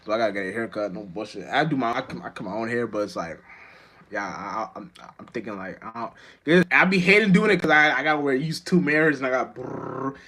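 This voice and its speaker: A man's voice: medium pitch, animated, fast, sharp tone, a little hiss or hum. A man musician talking to viewers on a live stream in a rambling, profane and restless way, full of restarts. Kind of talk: casual live-stream monologue.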